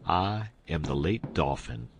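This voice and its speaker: A man's voice: low-pitched, animated, slow, gravelly, background noise, heavily acted. A man voicing a sly old balding con-man who poses as a king, speaking in folksy, sobbing tones. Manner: folksy, sobbing, rustic grammar.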